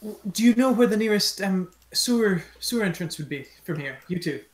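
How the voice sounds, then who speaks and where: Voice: mid-range voice, lively intonation, fairly quick. Earnest stammering tabletop player. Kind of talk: casual tabletop play.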